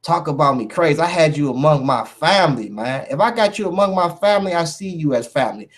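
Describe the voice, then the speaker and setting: A man's voice: on the high side, expressive, fast talker. A man calling out a rival in a heated vlog rant, emphatic and confrontational, with "man" and "bruh" as constant fillers. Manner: confrontational, addresses a rival directly. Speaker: YouTube commentator. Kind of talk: heated call-out rant to camera.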